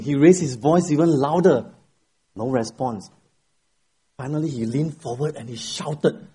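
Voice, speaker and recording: A middle-aged male pastor delivering a Sunday sermon from the pulpit. His voice is mellow and a little husky, and he tells stories with emphatic rises for key words before easing back down to a soft, quieter tone. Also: medium pitch, a little slow. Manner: expressive storytelling, rising for emphasis, then dropping quiet. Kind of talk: sermon with an opening joke and prayer. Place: church sanctuary at the pulpit.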